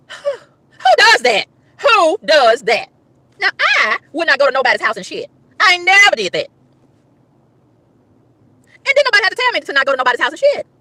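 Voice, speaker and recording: Fired-up woman venting fast, high voice bouncing all over, bright tone, dry close sound. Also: big pitch swings, no echo. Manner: exasperated, exclaiming, repeating lines for emphasis. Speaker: vlogger. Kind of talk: animated storytelling rant.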